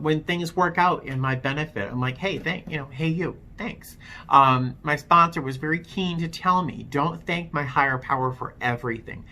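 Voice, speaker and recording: A man with a medium-pitched, pushed, bright voice tells his own recovery story to camera in a vlog. He's frank and self-deprecating, speaking loosely with plenty of fillers.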